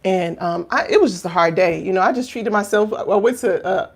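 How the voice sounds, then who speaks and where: A woman in her thirties, a coach, talking casually and heartfelt to camera, drifting from hushed reflection to loud exclaiming, with many fillers and rhetorical questions. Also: medium pitch, fairly quick. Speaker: life coach and finishing school founder.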